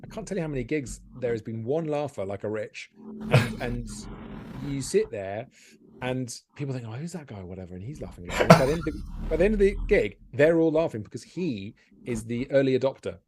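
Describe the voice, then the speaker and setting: A man, a stand-up comedian, talking candidly and self-deprecatingly in a podcast interview, animated and often laughing. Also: medium pitch, brisk, very noisy.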